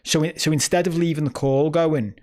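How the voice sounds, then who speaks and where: A man co-hosting a casual podcast, relaxed and sweary, explaining a point through stories. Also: on the high side, moderate pace. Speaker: podcast co-host. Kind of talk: casual chat.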